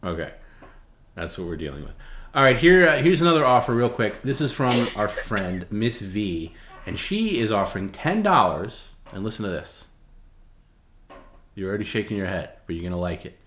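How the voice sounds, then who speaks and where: A man co-hosting a livestream, reading out viewer offers in a calm, coaxing, teasing way. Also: lowish voice, normal speed, slight background noise. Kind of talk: stream chat banter. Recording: roomy echo.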